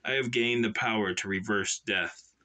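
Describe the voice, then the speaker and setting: A man voicing an older male emperor turned sinister grandmaster, who speaks in a fond, coaxing and quietly menacing way. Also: lowish voice, steady tone, normal speed. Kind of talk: self-published novel read aloud.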